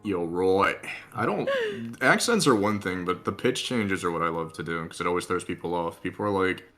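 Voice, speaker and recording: American man, bright low voice, teasing casual chat, faint music. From United States. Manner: animated, quick teasing.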